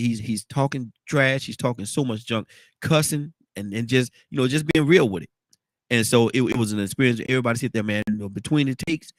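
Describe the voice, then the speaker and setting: A man's voice: mid-range voice, no echo. Congested man hosting a morning show. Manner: rambling, repeats words, folksy asides. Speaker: radio talk show host. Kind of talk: casual morning talk show chat.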